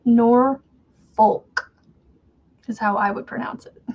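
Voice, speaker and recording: A woman's voice: fairly high pitch, fairly even intonation, normal speed, dull audio. Chatty woman with a faint Southern accent. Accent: faint Southern American. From American South. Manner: chatty, rambling, laughs often. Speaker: crochet livestream host. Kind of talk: casual livestream chat with viewers.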